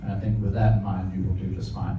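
A man's voice: low voice, little pitch movement, fast, highs cut off. A man in his thirties giving a jokey wedding toast as best man and reading a letter aloud from his notes. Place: wedding reception room. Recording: echoey room from far off, noisy.

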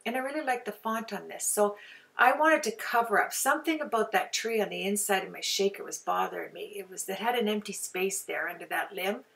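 A woman's voice: mid-range voice, creaky, fairly bright tone, distant mic. An older woman chatting casually through a card-making tutorial, rambling and sometimes dropping to a near-whisper.

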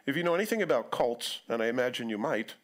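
A middle-aged man preaching in a church in a conversational tone. His voice sits at a medium pitch. He now and then acts out quotes in other voices. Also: animated, fast talker. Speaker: pastor. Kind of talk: sermon.

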